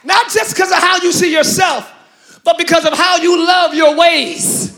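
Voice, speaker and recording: A man preaching a sermon in an animated, slangy, joking style, with loud delivery. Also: very high-pitched, measured pace.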